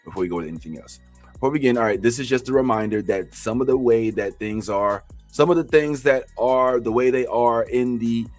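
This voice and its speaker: Animated male tax trainer. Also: mid-range voice, a little fast, faint music behind. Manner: animated, joking, preacher-like outbursts. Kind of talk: classroom training.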